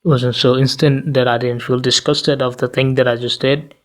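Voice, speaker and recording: A sleepy man rants straight to camera in an ordinary mid-pitched voice. His talk is crude and cutting, full of rhetorical questions and swearing. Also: level tone, moderate pace. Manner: profane, blunt, rhetorical questions. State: tired, sleepy. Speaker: commentary vlogger. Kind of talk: ranting commentary to camera.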